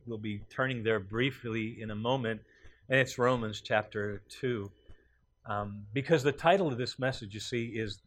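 Male pastor, unhurried sermon delivery, close dry mic, storytelling cadence. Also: medium pitch, fairly bright tone, dry recording. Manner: storytelling with pauses and fillers, voices rising for quoted lines.

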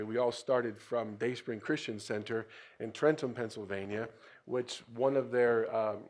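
A middle-aged man, a missionary pastor, telling a story in a sermon, lively and swinging into louder bursts. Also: medium pitch.

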